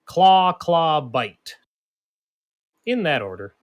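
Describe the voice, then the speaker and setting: A man running a tabletop game as game master, narrating monster attacks in a relaxed, easygoing way with frequent laughs. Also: fairly high pitch, very slow.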